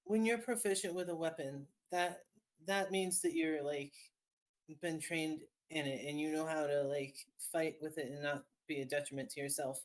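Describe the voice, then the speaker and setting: Woman game master, low-ish voice, rambling narration. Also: fairly even intonation, moderate pace. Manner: rambling, lots of fillers and restarts.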